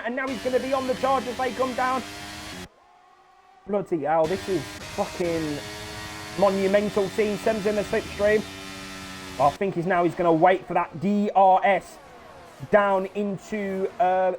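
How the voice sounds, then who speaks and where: A young man commentating an online racing league, frantic and sweary, shouting when cars crash. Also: high voice, slight background noise. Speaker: race commentator. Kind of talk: excitable sim racing commentary.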